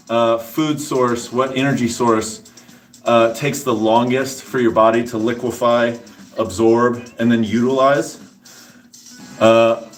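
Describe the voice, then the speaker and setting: A man casually explaining nutrition to his livestream chat between workout sets, rambling and joking with viewers. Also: medium pitch. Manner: rambling, answers chat, jokey asides. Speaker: fitness streamer.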